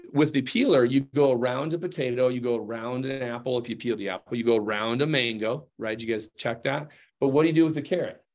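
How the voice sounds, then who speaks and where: A man giving a hands-on cooking demonstration, chatty and playful, often checking in with his audience. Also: mid-range voice. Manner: playful asides while demonstrating. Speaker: knife demonstrator.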